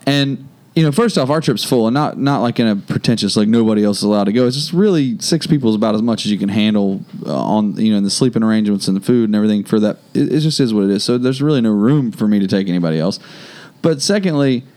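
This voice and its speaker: Ranting American man, lively pitch. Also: quick pace. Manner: heated, swearing, emphatic. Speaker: podcast co-host. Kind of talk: profane rant.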